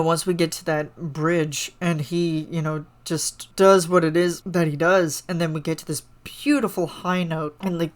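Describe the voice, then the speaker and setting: Low-voiced woman gushing about music. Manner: gushing, rambling, full of fillers. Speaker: podcast host reacting to a song. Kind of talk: casual solo podcast reaction.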